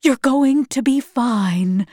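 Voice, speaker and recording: A woman reading aloud, voicing a steady, protective mother with a calm, reassuring manner. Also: a little high, a little slow, no echo, studio quality.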